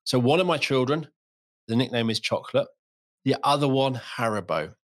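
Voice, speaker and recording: In a mid-range voice at an ordinary pace, a middle-aged podcast host keeps things conversational. He's an animated storyteller who acts out scenes and puts on voices.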